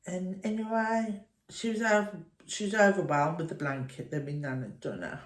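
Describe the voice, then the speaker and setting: A woman's voice: lowish voice, normal speed. A middle-aged woman chatting in a meandering, nostalgic storytelling way at home. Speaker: crochet vlogger. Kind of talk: rambling reminiscing chat. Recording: echoey room.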